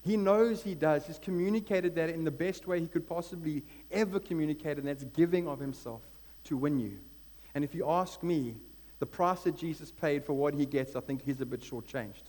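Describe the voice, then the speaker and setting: A man's voice: on the high side, fairly quick, darkish tone. A man preaching a sermon as pastor, earnest and building to emphatic peaks. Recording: long hall reverb with mains hum.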